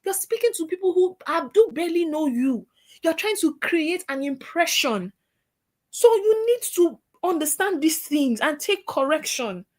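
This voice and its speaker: A woman giving a workshop lecture to trainees in a lively, scolding way. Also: extremely high pitch, moderate pace. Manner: lively, scolding, acts out caller voices.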